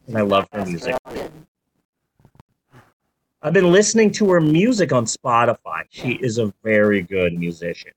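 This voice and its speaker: A podcast host in their forties in casual chat, animated and swearing freely. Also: mid-range voice, slight background noise, rough recording. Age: 40s.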